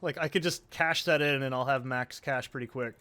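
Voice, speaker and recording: A man's voice: medium pitch, fairly quick, bright, forceful tone, clear, resonant tone. Rambling, profane man gaming. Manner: rambling, profane, self-deprecating. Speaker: let's play host. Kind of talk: casual gameplay commentary.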